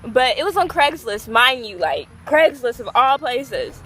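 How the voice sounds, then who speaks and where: A young woman from the Gulf Coast of Texas, telling a story in a casual vlog. She rambles, fills her talk with "like" and bursts into excited squeals. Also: high voice, a little slow. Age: young adult. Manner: chatty and rambling, heavy use of "like". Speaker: vlogger.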